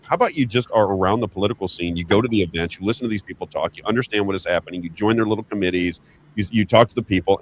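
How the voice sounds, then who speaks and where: A male host of a political talk show, speaking quickly in a fairly low voice. He gets excitable and emphatic and often restarts his sentences. A faint noise runs under the recording. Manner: emphatic, excitable, repeats himself.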